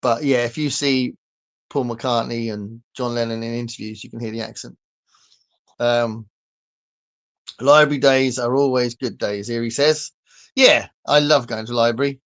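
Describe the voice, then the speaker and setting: A man with a southern English accent, talking at a middling pitch in a relaxed, rambling way. He reads out and answers viewer comments on a casual live stream, often breaking into laughter. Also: normal speed, long pauses. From southern England. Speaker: livestream host reading comments. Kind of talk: casual chat.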